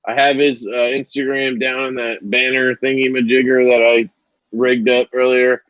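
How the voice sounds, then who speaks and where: A man's voice: mid-range voice, flat delivery, moderate pace, no echo, highs cut off. A man hosting a casual live stream and signing off, loose and profane, with plenty of ums and restarts.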